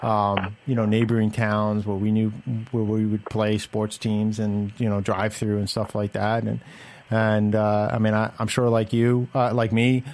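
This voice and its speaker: A man's voice: on the low side, flat delivery, moderate pace, darkish tone. A man from the Boston suburbs with a Boston accent, hosting a casual podcast chat and rambling with many fillers and restarts. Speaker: podcast host.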